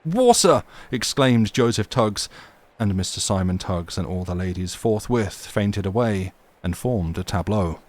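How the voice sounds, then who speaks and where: A man reading classic stories aloud on a livestream, with measured, dramatic narration and casual chat with viewers. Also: deep voice, darkish tone. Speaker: livestream reader.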